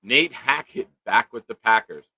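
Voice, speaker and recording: A man's voice: mid-range voice, expressive, normal speed, sharp tone, breathy edge, no room sound. A man hosting a casual live-stream chat, joking around and reading viewer comments aloud. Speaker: show host.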